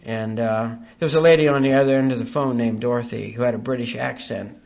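An older man giving a personal recovery testimony at a meeting, halting with frequent fillers and wry self-deprecating humor. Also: mid-range voice, steady tone, gravelly, darkish tone.

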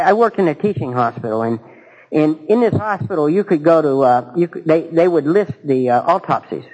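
Earnest man, slightly high voice. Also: rough recording. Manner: halting and earnest, with dry self-mocking humor. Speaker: speaker sharing his recovery story. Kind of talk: personal testimony at a recovery gathering.

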